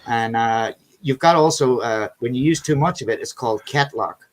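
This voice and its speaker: A man's voice: mid-range voice, moderate pace. A man hosting a casual video chat, telling rambling stories, swearing freely and calling people buddy and man.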